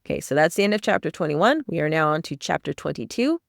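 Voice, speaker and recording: A woman's voice: low-pitched, big pitch swings, quick pace, gravelly, no echo, studio quality. A woman hosting a podcast, giving a chapter-by-chapter book summary in plain storytelling with brief asides. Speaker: podcast host summarizing a novel.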